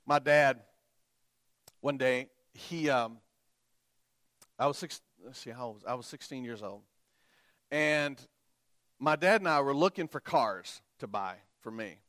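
A middle-aged man preaching a sermon and telling a personal story, swinging between quiet, soft telling and loud, emphatic preaching. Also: medium pitch, clean tone, dry recording, studio quality.

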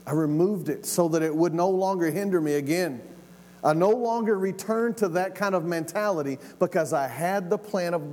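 A man's voice: on the high side, darkish tone, a little hiss or hum. A man preaching a sermon as a pastor. He talks with passion and often repeats key phrases for emphasis. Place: church hall. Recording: long hall reverb.

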